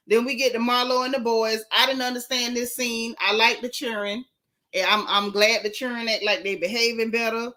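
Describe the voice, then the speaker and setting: A woman's voice: on the high side, normal speed. Sassy woman gossiping on a live stream. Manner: sassy, blunt, animated gossip. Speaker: show recap host. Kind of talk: casual live-stream chat.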